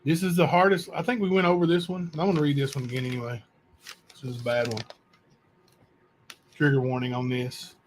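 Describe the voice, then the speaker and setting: A man hosting a channel, reading letters aloud to viewers in a plain, unhurried way with asides. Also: mid-range voice, little pitch movement, a little hiss or hum. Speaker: channel host.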